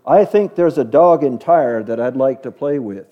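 A man doing a gentle, patient teacher figure. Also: medium pitch, animated, normal speed, highs cut off, lightly acted. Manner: soft, questioning, kindly.

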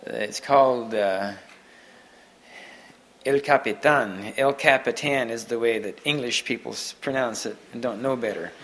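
A man giving an unscripted sermon to a Mennonite congregation, halting often and restarting his sentences. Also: mid-range voice, poor audio. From Mennonite community. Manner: halting, many restarts and repeated words. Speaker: preacher.

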